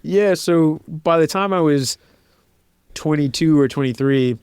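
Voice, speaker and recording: A man in his thirties who composes and plays piano speaks at a measured pace in a fairly high voice with a darkish, clean tone. His relaxed interview storytelling is casual and reflective, full of "like" fillers and dramatized quoted voices. The studio-quality audio has no echo.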